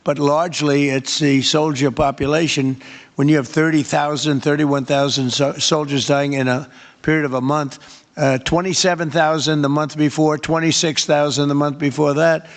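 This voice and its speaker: A man's voice: fairly high pitch, fairly even intonation, normal speed. An older man in a press Q&A answering reporters in a rambling, repetitive and emphatic way. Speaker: head of state answering press questions.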